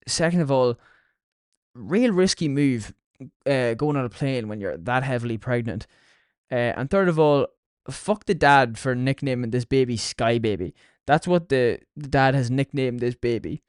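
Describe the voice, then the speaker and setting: A man's voice: mid-range voice, clean tone, no room sound, clean studio sound. A young Irish man hosting a solo podcast, talking casually with plenty of swearing and mockery. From Ireland. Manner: sweary, mocking. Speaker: podcast host.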